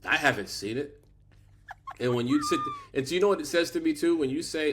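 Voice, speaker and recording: A man's voice: fairly high pitch, wildly swooping pitch, brisk, a bit bright, slight background noise. A middle-aged man co-hosting a casual podcast, his voice rising and falling a great deal as he tells the story with animation. He breaks into laughter often and sounds under the weather. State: sick. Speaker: podcast co-host. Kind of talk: casual chat recapping a sitcom.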